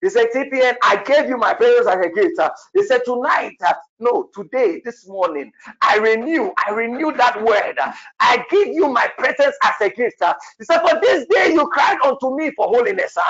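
A man leading a prophetic prayer session, shouting in fervent bursts, repeating phrases and breaking into tongues, with a gravelly voice. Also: extremely high pitch, animated, moderate pace, few pauses, muffled recording.

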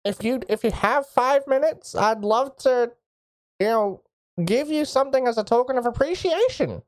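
A woman voicing an eccentric older male mage who is loud and eager, with a rustic way of talking. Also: sits high, lively intonation, moderate pace, pitched above the performer's own voice. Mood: friendly. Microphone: voice chat microphone.

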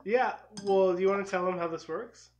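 A young man with a slightly high voice sits in as a guest on a live stream. He talks in a relaxed, offhand way and drops short, dry jokes. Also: brisk, a little hiss or hum. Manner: laid-back, dry quips. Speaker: recurring guest. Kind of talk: casual live-stream chat.

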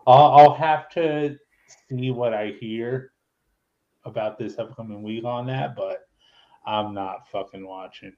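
A man's voice: mid-range voice, takes it slowly, darkish tone, lo-fi sound. A man hosting a podcast in casual chat, annoyed and swearing freely. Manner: annoyed and profane. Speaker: podcast host.

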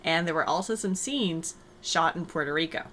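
A woman's voice: low-pitched, moderate pace, fairly bright tone, a little hiss or hum. A woman hosting a podcast in casual chat, explaining and telling stories in an upbeat way. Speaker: podcast host.

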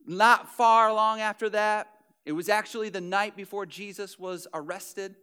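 A man's voice: high-pitched, fairly even intonation, a little slow, pushed and bright, smooth. A man preaching a sermon, retelling scripture in an earnest, conversational way with frequent restarts and repeated words.

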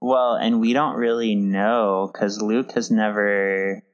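A woman co-hosting a casual podcast chat, talkative and quick to laugh. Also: rumbling low, fairly even intonation, highs cut off. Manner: chatty, laughs often. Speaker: podcast co-host.

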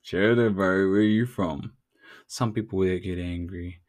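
A man from New Zealand with a matching accent and a fairly low voice, hosting a casual podcast monologue. He talks straight to the listener in loose, slangy, profane speech. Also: fairly even intonation, slow pace, a little mellow. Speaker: podcast host.

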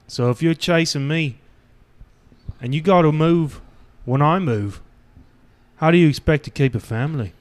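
A man's voice: a little high, extremely slow, long pauses, a bit bright. A man reading a hardened, blunt career thief in a mock British accent for a comedic screen read. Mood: cool.

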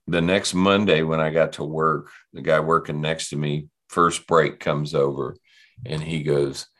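A man, guesting on an interview and telling his story. His voice sits extremely low. He talks in a loose, rambling way, circling back and restarting his sentences. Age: 60s.

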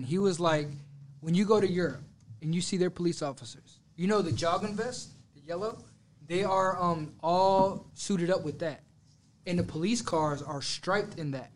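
A man in casual podcast chat, animated and arguing in quick bursts. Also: sits high, a little hiss or hum.

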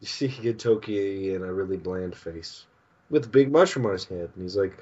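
A man's voice: mid-range voice, unhurried, breathy edge, muffled recording. Laughing man acting out manga scenes. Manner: laughs often while acting out characters' lines. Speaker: podcast co-host. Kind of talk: casual chat, recapping a manga.

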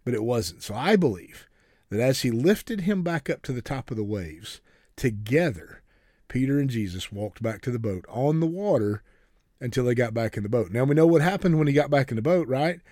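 A man's voice: medium pitch, animated, normal speed, darkish tone, no room sound, studio quality. A man preaching a folksy, earnest sermon, often repeating words as he starts a sentence.

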